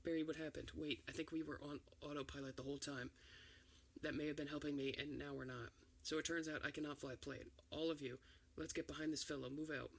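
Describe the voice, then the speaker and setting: A man reading an entire film script aloud for ASMR, doing every part in one steady voice. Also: fairly high pitch, brisk, breathy edge. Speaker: ASMR reader.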